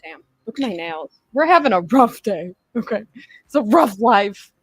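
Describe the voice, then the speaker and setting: This livestream host, a young adult woman, has a mid-range, sing-song, slightly rough voice at normal speed, recorded with no echo. Her casual chat rambles, with lots of swearing and laughter.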